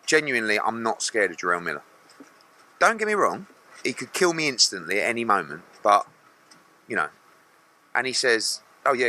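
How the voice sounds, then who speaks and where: Blunt man, bright voice. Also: lowish voice. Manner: blunt, animated storytelling, mocking voices. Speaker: boxing promoter. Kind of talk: media interview answers.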